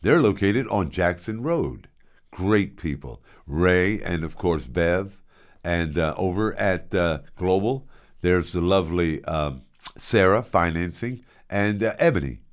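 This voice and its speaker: A man in his sixties hosting his own show, telling a long personal story casually, with big swings in loudness and lots of restarts. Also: low-pitched, expressive, slow. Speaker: show host.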